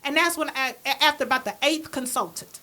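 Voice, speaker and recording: A woman guest on a podcast, a broadcaster, telling stories in a casual, lively and emphatic way. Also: high-pitched, a little fast, a little hiss or hum. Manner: lively, animated, often drops into acted-out quoted voices; emphatic, repeats words for emphasis. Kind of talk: casual conversational storytelling.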